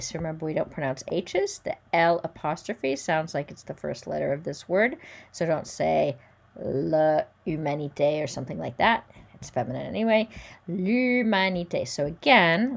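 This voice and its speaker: A woman teacher giving a careful pronunciation lesson. She says each French word slowly and distinctly, then explains it in plain English. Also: deep voice, animated. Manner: sounds out French words slowly and clearly, then explains them. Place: recording at home or in a classroom with a virtual whiteboard.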